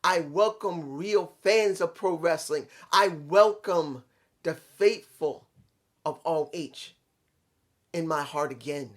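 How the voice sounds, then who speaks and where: A man putting on a proud veteran male wrestler who speaks slow, solemn declarations. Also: fairly high pitch.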